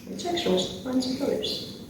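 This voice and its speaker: A man telling a playful story at camp in a casual, animated storytelling way, with asides to his listeners. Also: extremely high pitch, a little fast. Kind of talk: campfire storytelling. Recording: echoey, distant, faint background noise.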